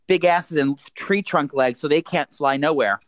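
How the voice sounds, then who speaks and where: A man's voice: a little high, moderate pace, no room sound. A man co-hosting a casual podcast chat from a hotel room, dramatic and gossipy, often trailing off mid-sentence. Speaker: podcast co-host.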